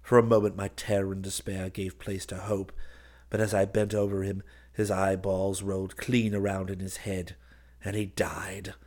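A man narrating a first-person horror story in an intense, measured, theatrical reading. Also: sits low, level tone, a little mellow. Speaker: audiobook reader.

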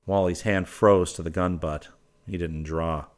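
Deep-voiced male audiobook narrator. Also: fairly even intonation, a little slow.

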